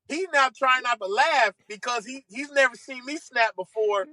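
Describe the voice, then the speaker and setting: A golf caddie spins lively stories on a podcast, laughing and swearing casually as he goes. His high, bright voice carries the tale. The sound is close and dry, with no room echo. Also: normal speed, few pauses. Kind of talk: animated anecdote storytelling. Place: podcast studio.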